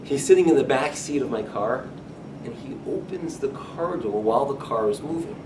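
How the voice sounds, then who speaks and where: A man's voice: lively intonation, normal speed. A man teaching a Talmud class as a rabbi, talking in a conversational way and often repeating or restarting his phrases. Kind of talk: lecture-style Talmud class. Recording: echoey room, speaker far from mic, faint rumble.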